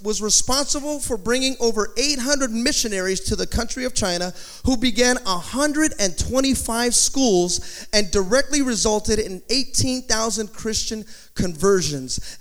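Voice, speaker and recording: A pastor preaching a sermon in an animated, conversational way, with joking asides. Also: male voice, very high-pitched. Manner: slips into playful put-on accents in quotes.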